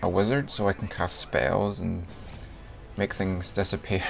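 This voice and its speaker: A man's voice: sits low, flat delivery, measured pace, vocal fry. A young man from Northern Ireland with a Northern Irish accent, chatting casually and reading a word list aloud for a video. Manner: chatty, laughs between lines, reads words aloud one by one. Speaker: vlogger.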